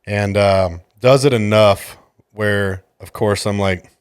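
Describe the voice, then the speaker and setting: A man's voice: fairly low pitch, fairly even intonation, slow pace, clean tone, no echo, studio quality. A man hosting a podcast, a jiu-jitsu coach telling a story in a casual, exasperated and profane way.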